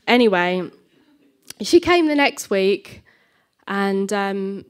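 Young woman telling her testimony, acts out the back-and-forth, casual chatty delivery, mid pitch. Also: takes it slowly, clean tone. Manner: animated, acts out both sides of dialogue. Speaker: Christian speaker sharing a testimony. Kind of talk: personal testimony storytelling.

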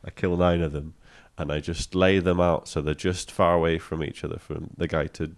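A man hosting a casual interview, animated and swearing freely as he tells stories. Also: low-pitched, moderate pace. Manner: animated, swearing, laughs often. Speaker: podcast host.

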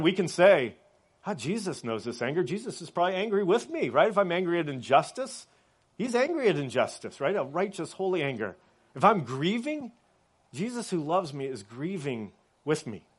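A man preaching a sermon in a conversational way, often checking in with his listeners and dropping soft and quiet on reflective points. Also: fairly high pitch. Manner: conversational, often adds "right?" as a tag. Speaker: pastor.

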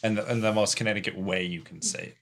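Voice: sits low, steady tone, fast, a bit bright. A co-host in a casual chat, teasing the others and laughing often. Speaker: podcast co-host.

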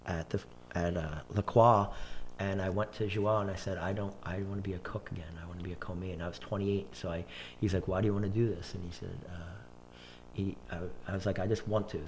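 A man's voice: low-pitched, steady tone, moderate pace, a little hiss or hum. A man in his forties, a chef, telling long rambling stories in casual conversation, full of restarts and quoted dialogue.

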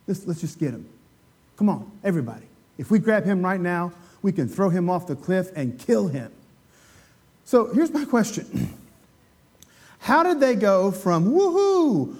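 High-voiced man preaching conversationally. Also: a little mellow. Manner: conversational, asks the congregation questions, acts out quoted voices. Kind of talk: sermon.

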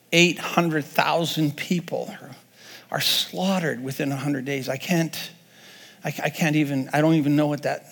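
A male pastor with a fairly bright voice, a little high for a man, preaches earnestly but roughly, often restarting and repeating words mid-thought. Each phrase trails off in long reverb, like in a large church sanctuary.

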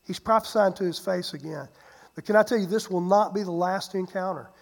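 Pastor, sermon delivery: lively storyteller, loud-to-hushed swings, repeats words for emphasis. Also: mid-range voice, a little fast, gravelly. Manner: repeats and restarts words while preaching.

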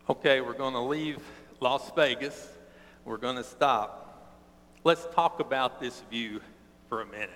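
A man preaching a sermon, telling a personal story in an earnest, plainspoken way and slowing down for emphasis. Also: mid-range voice, fairly bright tone. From East Tennessee. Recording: long reverb of a large hall.

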